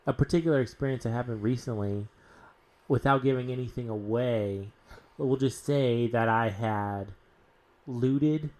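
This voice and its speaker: A man's voice: mid-range voice, measured pace, darkish tone. Rambling man chatting about tabletop games. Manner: rambling, full of "like" and restarts. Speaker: tabletop role-playing player. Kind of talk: casual podcast chat.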